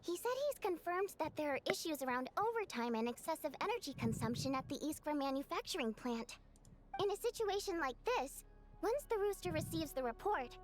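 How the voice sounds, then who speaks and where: A woman voicing an earnest young female ally in a game, confiding her plans in long explanations. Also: sits high. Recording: game voice over clear music.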